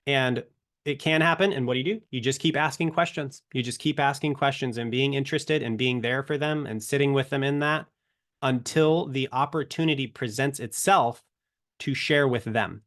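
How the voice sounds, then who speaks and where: Brief: male instructor, mid pitch, earnest and conversational, acts out quick example exchanges. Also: a bit bright. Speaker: online course instructor. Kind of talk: casual teaching talk.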